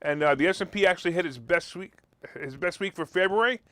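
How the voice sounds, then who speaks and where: A man's voice: high-pitched, quick pace, bright, forceful tone, no echo. A man hosting a political talk radio show, talking in sarcastic, mocking rants.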